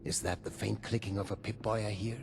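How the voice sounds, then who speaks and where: An actor playing a smooth, scheming old male ghoul overseer in a video game, with a German accent and a gravelly, breathy half-whisper. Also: fairly low pitch, fairly even intonation, brisk, music in the background. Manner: silky, theatrical, faintly menacing.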